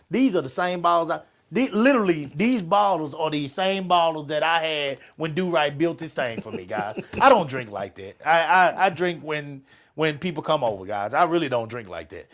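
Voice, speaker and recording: A middle-aged man co-hosting a casual show, swearing freely and swinging between loud outbursts and quiet asides. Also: fairly high pitch, sing-song, normal speed. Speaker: podcast co-host. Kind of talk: casual chat with listeners.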